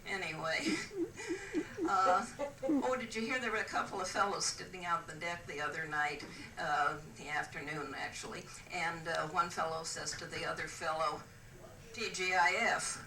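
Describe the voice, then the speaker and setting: An older woman telling stand-up jokes on a cruise, her voice bright and a little sharp. She is dry and hesitant, with lots of "uh"s. She is recorded from a distance in a roomy space with faint noise behind. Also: low voice, normal speed. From West Coast of the US. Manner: dry, hesitant delivery with frequent "uh"s. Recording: roomy, distant mic with ambience.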